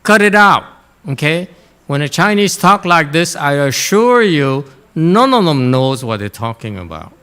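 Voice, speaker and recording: A man teaching Chan meditation to students in a Dharma lecture, blunt and direct, often pausing to check in. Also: a little high, big pitch swings, a bit bright, clear, resonant tone. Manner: blunt, frequently checks in with "Okay?".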